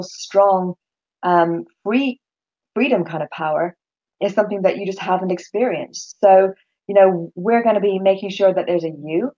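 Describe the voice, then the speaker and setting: A woman leading a course, talking in a casual conversation, animated and quick to act out other people's voices, with frequent restarts. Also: medium pitch, dull audio. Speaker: course leader and speaker.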